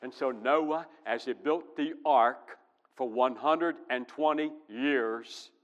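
A male pastor preaching with emphatic force, his voice ringing in a long hall reverb. He swings from loud, driving passages to hushed, low ones. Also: slow pace, dull audio. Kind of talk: sermon.

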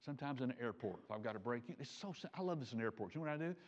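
A man preaching a sermon, animated, swinging from loud emphatic peaks to quiet low asides. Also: racing. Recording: dull lo-fi recording.

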